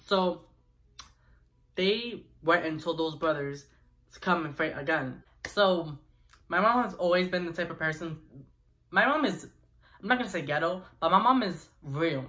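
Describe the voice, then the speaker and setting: Bright-voiced young man telling a story. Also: a little high. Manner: animated chatty storytelling with asides to viewers. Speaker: vlogger. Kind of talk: storytime vlog.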